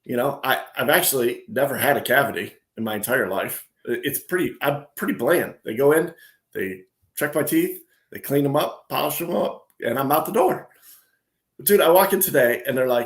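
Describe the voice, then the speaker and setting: Man, podcast co-host, ranting storyteller, mid-pitched voice, echoey room. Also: lively intonation, moderate pace. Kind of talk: casual podcast banter. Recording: roomy echo.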